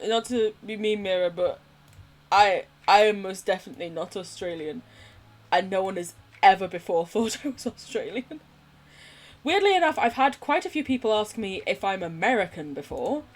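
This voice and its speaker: A woman from England with a posh English accent, chatting casually while playing a game on stream, giggly and sweary. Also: medium pitch. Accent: posh southern English. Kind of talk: casual live-stream chat while gaming.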